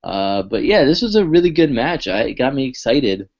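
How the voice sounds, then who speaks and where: In a muffled recording, a podcast co-host talks casually at normal speed, his medium-pitched, darkish voice carrying a sing-song lilt. He rambles, full of fillers and false starts.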